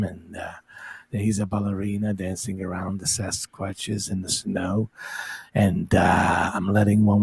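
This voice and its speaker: A man doing a boastful martial arts action star with a low, gravelly, near-whispered mumble. He drags every phrase out with long hesitations and sounds like he is speaking into a video call mic. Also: slight background noise. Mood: dreamy boasting. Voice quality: low hushed murmur, drawn-out uh's.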